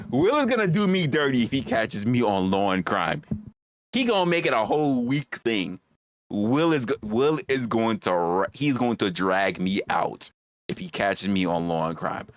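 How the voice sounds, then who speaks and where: A man's voice: medium pitch, expressive, moderate pace, no room sound. A man hosting a livestream, talking casually in a rambling, profane way and repeating his phrases. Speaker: livestream host.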